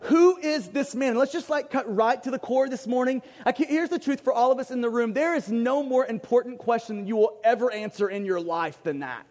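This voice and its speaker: High-voiced male pastor preaching in a reverberant hall. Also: brisk, hardly any pauses, a little mellow. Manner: emphatic, repeats key questions. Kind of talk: sermon.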